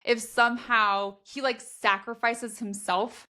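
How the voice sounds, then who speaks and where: Talking through fantasy-novel theories on a podcast she co-hosts, this woman speaks slowly in a slightly high, level, sharp voice. The discussion is casual and exploratory, studded with "like."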